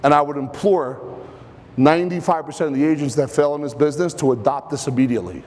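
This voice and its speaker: A man's voice: on the high side, quick pace. Winded man presenting in a reverberant hall. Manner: energetic, engages the audience with questions. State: out of breath. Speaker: financial speaker presenting at an event. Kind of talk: live seminar presentation. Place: event hall with live audience.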